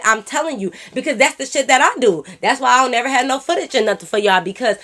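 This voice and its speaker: A young woman tells a storytime to her viewers, fired up and full of profanity. Her voice sits somewhat high and she keeps turning to her audience with asides. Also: quick pace, few pauses. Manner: animated, profane, talks straight to viewers. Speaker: YouTuber telling a story. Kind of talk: casual storytime.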